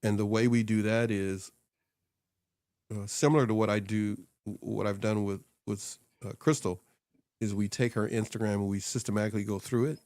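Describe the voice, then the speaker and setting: A man co-hosting a casual talk show, rambling and animated, laughing often and putting on voices when he quotes people. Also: fairly low pitch, normal speed, no echo, studio quality. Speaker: podcast co-host and social media coach. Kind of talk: casual chat. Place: small home studio upstairs.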